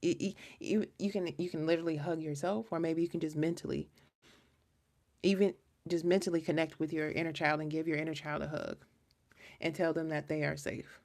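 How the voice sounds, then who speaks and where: Woman tarot reader on a live stream, low gravelly voice, chatty, earnest and rambling. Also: fairly even intonation, fairly quick, a little mellow. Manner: chatty and rambling, frequent restarts; earnest and emotional. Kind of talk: casual live-stream reading.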